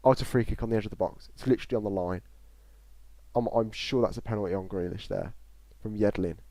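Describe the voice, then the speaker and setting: English guy yelling along at the footy on a live stream, lowish voice, dead dry room. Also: fast, no echo. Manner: excitable running commentary, reads live chat. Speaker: live match reaction streamer. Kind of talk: live football match reaction. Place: small closed room at home. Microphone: desktop mic in front of a screen.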